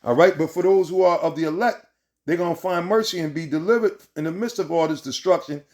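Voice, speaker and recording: A man's voice: on the high side, fast talker, a little mellow. A man preaching informally from scripture in a heated, profane way, repeating himself and ending lines with "man" and "right?".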